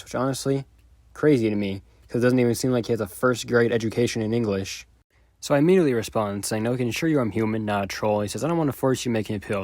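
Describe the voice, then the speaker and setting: A man retelling a chat exchange in a sarcastic, deadpan commentary style. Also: fairly low pitch, no echo, studio quality. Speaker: video creator.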